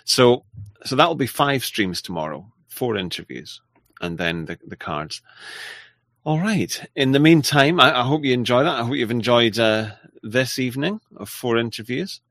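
A man hosts a casual livestream, reading out viewer messages. He talks in a halting, self-deprecating way, full of restarts. His voice sits at a middling pitch and sounds close and dry. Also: animated, a bit bright, no echo. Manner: halting and apologetic, with frequent restarts and laughs. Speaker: livestream host.

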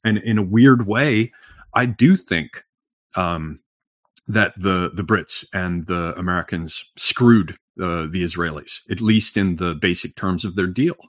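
A man with a lowish voice holding forth as a podcast guest, recorded dry and close. He meanders through long explanations full of um, you know and restarts, dropping casual profanity. His tone stays conversational even as he drones on. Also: measured pace, no echo. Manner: rambling, frequent fillers and restarts, profane. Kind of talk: long-winded conversational monologue.

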